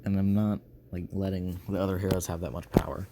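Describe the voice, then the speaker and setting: A man's voice: low voice, flat delivery, heavy background noise. A man voicing a laid-back young male slime hero who is cheeky and defiant, talking casually with lots of fillers. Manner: casual, halting, full of fillers.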